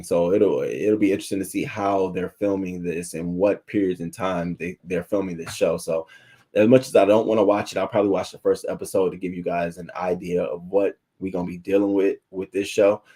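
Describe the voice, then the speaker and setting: A man hosting a celebrity gossip live stream, chatting in a casual, animated way and greeting viewers in the chat. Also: sits low, slightly rough. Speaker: celebrity gossip show host.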